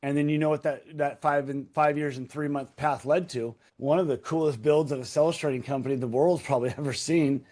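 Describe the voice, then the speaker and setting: A man's voice: fairly high pitch, steady tone, a little fast, hardly any pauses, darkish tone. A man in his thirties, a podcast guest, telling a raw personal story with emphatic repetition and swearing. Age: 30s. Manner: emphatic, repeats key phrases, swears. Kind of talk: intense storytelling in interview.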